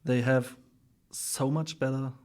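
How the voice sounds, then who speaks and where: A young man chats as a podcast guest, his voice held to a flat, even pitch. He pauses often on filler sounds and laughs lightly between thoughts. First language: German. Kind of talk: casual interview chat.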